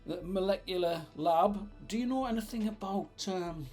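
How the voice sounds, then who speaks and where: A man's voice: sits high, normal speed, darkish tone, soft background music. A man playing a fussy, hesitant older lab scientist who stumbles through ums.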